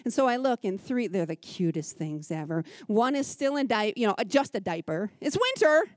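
A woman in her thirties giving a personal testimony at a church women's gathering, telling her story in an animated, conversational way with quick asides and an earnest, heartfelt tone. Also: medium pitch, dry recording, studio quality.

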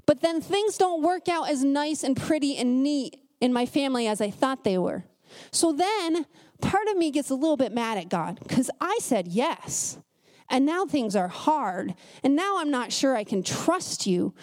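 A woman preacher giving a conversational sermon, telling stories in an animated way with a pace that speeds up and slows down. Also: high-pitched. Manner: animated storytelling, shifting pace.

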